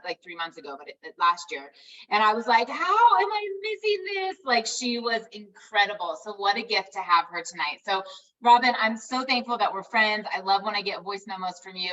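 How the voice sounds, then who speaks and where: A woman's voice: fairly low pitch, pushed and bright, recorded from a distance, low-quality recording. A woman hosting a team call who introduces her guest with gushing, effusive praise.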